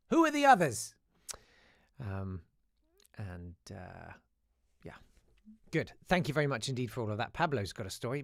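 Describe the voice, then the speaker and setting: A man hosts a casual chat show, reading out listener emails and telling school stories. His voice swings lively up and down, with lots of restarts and asides. The sound is close and dry. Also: lowish voice, slow, creaky, pauses often, no echo. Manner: chatty and animated, with many restarts and asides. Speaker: host.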